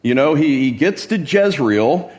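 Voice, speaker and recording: A man's voice: a little high, lively intonation, unhurried, darkish tone. A male pastor preaching a sermon in a church, conversational and emphatic, often asking rhetorical questions.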